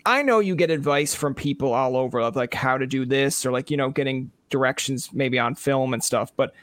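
A man's voice: mid-range voice, brisk, a bit bright, dry recording. A man interviewing a guest, asking long, rambling questions full of "like" and "kind of". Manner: rambling questions, heavy use of "like". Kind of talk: casual interview chat.

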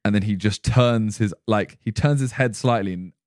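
A man's voice: on the low side, normal speed, darkish tone, no echo, studio quality. A young man chatting casually as a podcast co-host, telling football stories animatedly and dropping into playful mimicry. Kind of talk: casual chat.

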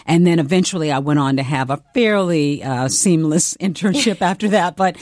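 A middle-aged woman from the American South, a television journalist, telling lively career stories with a slight Southern accent. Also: low voice, moderate pace, no room sound, clean studio sound. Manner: animated storyteller with laughs and restarts. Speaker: guest, TV journalist. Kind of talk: conversational storytelling.

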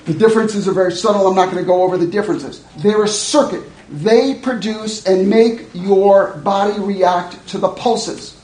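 A man's voice: sits high, moderate pace, few pauses, a little mellow. A man teaching a live workshop, blunt and joking in a conversational way to an audience. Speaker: educator. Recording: echoey room.

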